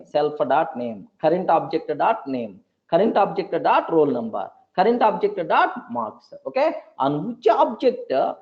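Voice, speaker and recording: A man's voice: sits high, a little mellow. A man teaching a programming class. He repeats key points and often stops to check whether the students understand. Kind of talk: classroom lecture. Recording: dull lo-fi recording.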